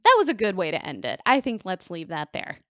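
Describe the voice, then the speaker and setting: Woman podcast co-host, lowish voice, chatty and full of fillers, dry sound. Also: huge pitch swings, fairly quick, bright, forceful tone, no echo. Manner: chatty, agreeable, filler-heavy. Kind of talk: casual chat.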